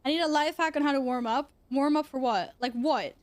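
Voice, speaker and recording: A young woman with a high, bright pitch chats casually on a stream from her computer at home. She swears freely, chats off the cuff and coos at her cats, and her voice sounds close and dry on a desk mic. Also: brisk, no echo. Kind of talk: casual chat.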